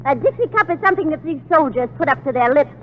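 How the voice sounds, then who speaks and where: Shrill man-crazy spinster. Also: animated, fast, soft background music. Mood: flirty. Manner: shrill, giggly, brassy delivery. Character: man-crazy daffy spinster woman, brash. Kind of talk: 1940s radio comedy acting. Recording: hissy lo-fi 1940s radio broadcast.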